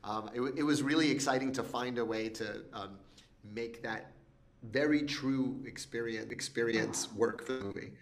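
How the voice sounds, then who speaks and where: A man, a film director, answering interview questions in a reflective, thinking-aloud way, with many pauses and laughs. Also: mid-range voice. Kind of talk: casual interview chat.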